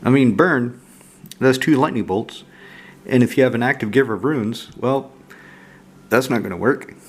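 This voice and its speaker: A man casually walking through his card game deck, relaxed and rambling with frequent fillers. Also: medium pitch, normal speed. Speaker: card game channel host.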